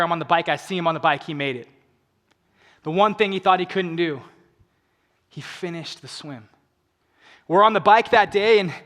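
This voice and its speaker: A young man with a slightly high voice tells a personal story to an audience. He drops to hushed, emotional lows and rises to urgent appeals. His voice rings with the long reverb of a large event hall. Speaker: motivational speaker. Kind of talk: inspirational stage talk.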